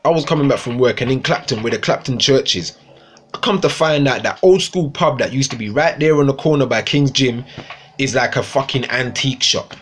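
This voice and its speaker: A man's voice: medium pitch, a bit bright, breathy edge. A young man ranting casually to viewers on a livestream, swearing often and repeating himself. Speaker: livestream host.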